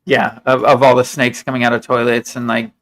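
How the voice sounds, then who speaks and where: A man's voice: medium pitch, flat delivery, brisk, fairly bright tone. A man co-hosting a podcast, joking, swearing and laughing often. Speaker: co-host.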